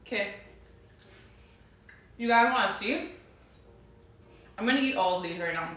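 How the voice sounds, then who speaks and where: A woman's voice: medium pitch, lively intonation, measured pace, a bit bright. A young woman livestreaming from her home kitchen, chatting casually and giggly with viewers, rambling as she goes. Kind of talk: casual cooking livestream chat. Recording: echoey room, mic a bit far off.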